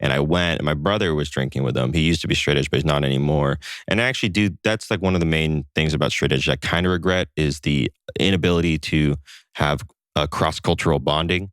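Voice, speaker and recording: Very deep-voiced man telling stories. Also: fast, clear, resonant tone, no room sound, clean studio sound. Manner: relaxed storyteller with frequent fillers. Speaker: podcast guest, co-founder of a satire site. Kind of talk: casual conversation.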